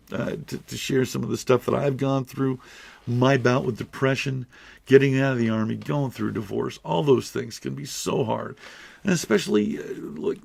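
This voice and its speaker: Speaking earnestly and with emotion to camera, this middle-aged YouTuber rambles and keeps restarting in a heartfelt direct address. He has a medium-pitched, gravelly voice that sounds darkish and a bit rough.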